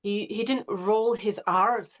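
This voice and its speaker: A woman's voice: mid-range voice, fairly even intonation, slow. Woman, audiobook narrator, casual interview, hesitant, muffled lo-fi sound. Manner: hesitant, many restarts and fillers.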